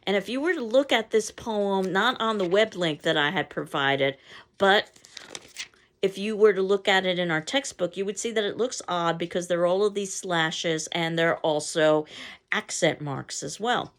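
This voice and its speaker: A woman's voice: medium pitch, normal speed. A woman teacher giving a recorded lecture on poetry, explaining in a conversational way. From not from the local area. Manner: explanatory, conversational, reads poem aloud in stressed beats.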